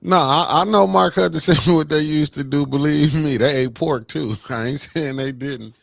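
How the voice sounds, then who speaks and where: A man's voice: on the high side, moderate pace, vocal fry, no room sound, studio quality. A man co-hosting a casual live-stream chat, colloquial and laid-back, chuckling often. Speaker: co-host.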